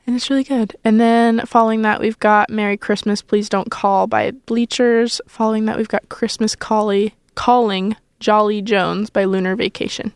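A woman's voice: mid-range voice, steady tone, normal speed, few pauses, clear, resonant tone, dry recording, studio quality. A young woman in her twenties hosting a college radio show, chatting casually and self-consciously, with lots of rambling and fillers. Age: 20s. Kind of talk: casual on-air chat.

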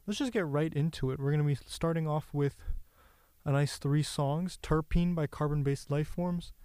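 A man's voice: fairly high pitch, mellow, clear, resonant tone, no room sound. A young man hosting a late-night college radio show, a bit out of breath, laid-back and rambling. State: slightly out of breath.

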